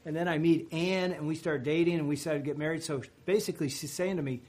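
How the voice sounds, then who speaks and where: A middle-aged man co-hosting a radio talk show, telling a story with animated quotes. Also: a little high, quick pace, a little hiss or hum. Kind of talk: casual storytelling chat.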